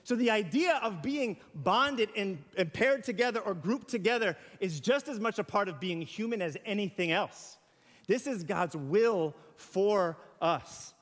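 A man's voice: high-pitched, lively intonation, unhurried, a bit bright. A man preaching a sermon in a conversational way, with rhetorical questions and acted-out everyday examples. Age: young adult to middle-aged. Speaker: pastor. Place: church sanctuary. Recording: hall reverb.

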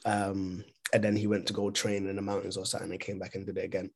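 A man with a low, slightly husky voice talks through a podcast discussion over a remote call. He speaks casually and haltingly, restarting and repeating words while he works out his point. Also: completely flat delivery. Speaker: podcast co-host.

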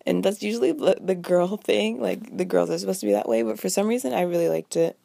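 Young woman in her twenties, vlogger; stuffy from a cold, gravelly and mellow, casual storytime delivery. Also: mid-range voice, fast talker, dry recording. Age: 20s. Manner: chatty, lots of "like". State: stuffy, a little sick.

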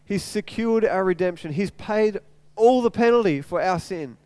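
Male pastor, higher voice, clear and smooth delivery, earnest sermon with repeated phrases. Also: normal speed, darkish tone, no echo.

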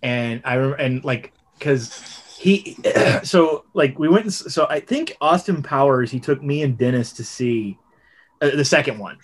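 A man's voice: medium pitch, measured pace, breathy edge. A man in his thirties chats casually on a podcast. He tells long stories in a rambling, profane way, full of fillers and asides. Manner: rambling, profane, animated storytelling. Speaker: podcast co-host. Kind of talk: casual chat.

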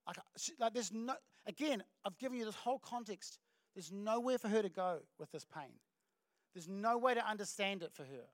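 Kiwi pastor guy preaching, fairly high voice, dry close sound, animated storyteller. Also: moderate pace, no room sound. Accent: New Zealand. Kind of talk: sermon. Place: church stage.

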